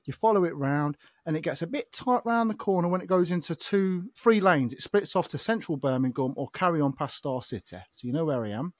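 A man from the telling an animated story on a casual podcast. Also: a little high, fairly quick, few pauses, dry recording, studio quality. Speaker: podcast co-host, truck driver.

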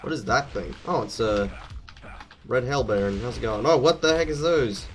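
A man's voice: mid-range voice, normal speed, a little hiss or hum. A man giving let's play commentary, jumpy and thinking aloud, swearing at the enemies as he plays. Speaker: gameplay commentator.

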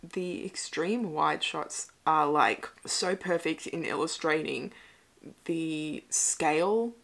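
A young woman giving a casual, excitable movie reaction commentary. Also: low-pitched, slow pace, gravelly. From Australia. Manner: excitable, swears and laughs at the screen. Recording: noisy home recording.

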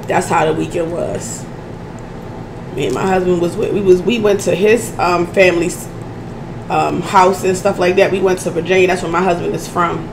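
A hoarse woman vlogger chatting casually to her viewers as she eats, often clearing her throat. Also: on the low side, fairly even intonation, normal speed, noisy background. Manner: chatty, addresses audience as y'all, keeps clearing her throat. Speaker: mukbang vlogger. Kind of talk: casual eating chat to viewers.

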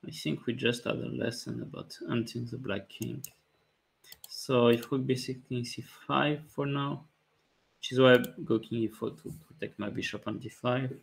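A man, a chess grandmaster calmly thinking aloud about his moves during a live stream, with light jokes. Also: mid-range voice, normal speed, gravelly. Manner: calm, thinking aloud move by move, light joking. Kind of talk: live-stream commentary on his own play.

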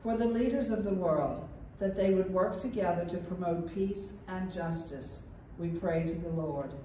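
Lady reading church prayers, low mellow voice, far off and echoey. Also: unhurried, a little hiss or hum. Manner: steady, formal reading. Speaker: reader of the intercessions.

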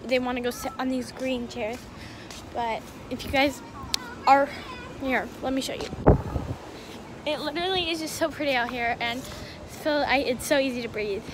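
A young woman vlogging casually from a hotel room and patio, chatty and easily excited. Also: high-pitched, moderate pace, pauses often. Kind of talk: casual vlog chat to camera. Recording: noisy handheld camera audio.

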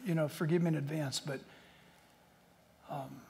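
A man preaching a sermon as pastor in a large church, animated and joking, acting out people in quotes. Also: on the high side, a little slow, creaky, in a large hall.

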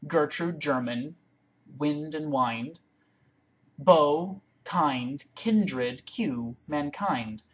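Low slow-reading woman. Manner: careful, deliberate word-by-word recitation. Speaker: reader. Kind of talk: reading a poem aloud in one take. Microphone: webcam.

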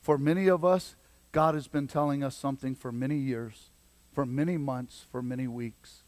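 A man preaching a sermon as pastor, swinging between loud exhortation and quiet emphasis. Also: fairly high pitch, normal speed, dry recording.

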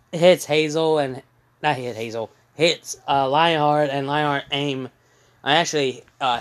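Slow, halting man retelling a story. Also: medium pitch, a bit bright, clean tone. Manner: halting, many fillers and self-corrections. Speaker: channel host retelling a fan story. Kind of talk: casual plot retelling.

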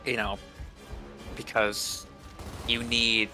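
A man's voice: mid-range voice, monotone, drawn-out words, bright, forceful tone, faint music behind. A man co-hosting a game stream, chatting casually with dry, meandering jokes. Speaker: co-host. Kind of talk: casual gaming chat.

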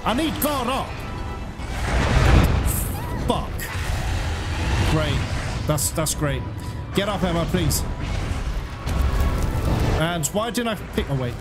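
Man swearing through gameplay over loud music. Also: on the high side, animated, takes it slowly, long pauses. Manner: frustrated swearing, frequent exclamations. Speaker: gaming channel host. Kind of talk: live gameplay commentary. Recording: loud game music behind. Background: loud game music.

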